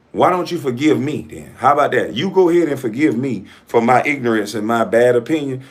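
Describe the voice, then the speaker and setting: A middle-aged man from coastal Georgia giving a profane, forceful monologue to camera as an entrepreneur vlogger, repeating himself for emphasis. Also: on the low side. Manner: profane, forceful ranting with repetition.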